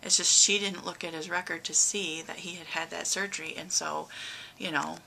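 A middle-aged woman talks through a personal update to her viewers, rambling and emotional, full of fillers. Her voice sits a little low and carries a gravelly fry under a bright, sharp edge. A faint hiss of noise runs behind her. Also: steady tone, normal speed. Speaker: vlogger.

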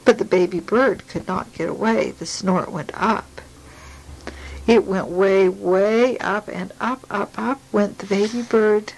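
A woman reading a picture book aloud to a child, gently and slowly, stopping to ask questions. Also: mid-range voice, steady tone, vocal fry, slight background noise, poor audio.

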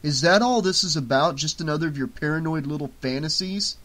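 A man's voice: a little high, a little fast, a bit bright, natural voice. A man reading an audiobook, voicing a brash, crude young man who talks bluntly and sarcastically. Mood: scoffing.

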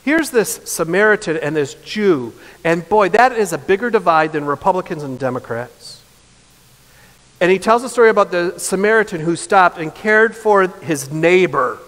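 A high-pitched man in his fifties preaches from the pulpit, his words ringing with a long church reverb. He is earnest, swelling into impassioned emphasis and then falling quiet and soft. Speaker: pastor. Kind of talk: sermon. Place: church sanctuary.

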